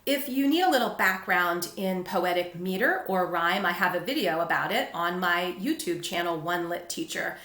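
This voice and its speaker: A woman teaching a literature lesson, explaining patiently and clearly. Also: lowish voice, expressive, moderate pace, few pauses, fairly bright tone, roomy sound. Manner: clear, patient explaining, with brief read-aloud quotes.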